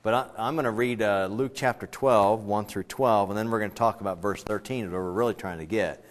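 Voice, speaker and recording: A man's voice: fairly low pitch, fairly quick. A male pastor preaching a sermon in a conversational way, full of rambling asides, little jokes and restarts.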